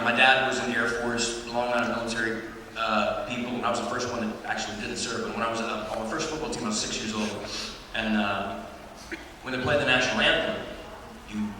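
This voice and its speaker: A man's voice: medium pitch, background noise. A man from Texas telling profane, laid-back stories as a guest on a convention panel. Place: large convention hall. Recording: echoey hall recorded from far off.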